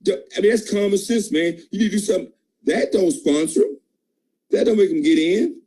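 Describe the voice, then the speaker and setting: An emphatic man delivers a preachy motivational pep talk to his sales team. His voice is dark and mellow, with a husky edge, and his pitch leaps high when he presses a point. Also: fairly quick, rough recording. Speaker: team leader at a sales call.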